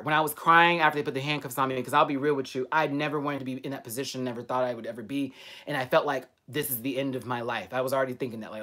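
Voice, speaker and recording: A man vlogging live to his viewers, telling a personal story in an outspoken way with lots of swearing. He talks straight to the audience, swinging from loud emphasis to quiet asides. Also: mid-range voice, fairly even intonation, rapid-fire. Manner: frequent profanity and direct address to viewers. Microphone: webcam or computer mic on a live stream.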